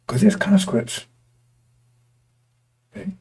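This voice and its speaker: A man preaching a sermon to his congregation, his voice going hoarse, talking in repetitive, stop-start bursts and often asking listeners whether they understand. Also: high voice, expressive, slow pace, mellow. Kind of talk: street-style sermon to a congregation.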